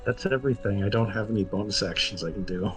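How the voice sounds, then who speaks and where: A man's voice: fairly low pitch, fast talker, soft background music, low-quality recording. A man playing a tabletop game in casual chat, fretting aloud about what comes next. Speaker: player.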